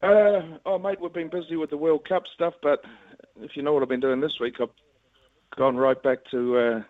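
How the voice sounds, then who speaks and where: A man's voice: fairly high pitch, fairly even intonation, normal speed, no echo. A man in his fifties with a New Zealand accent talks in a loose, rambling way with an easy chuckle. He sounds boxed in and tinny, like a phone call, with no room sound around him. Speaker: rugby league club chief, phone guest. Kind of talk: casual phone interview.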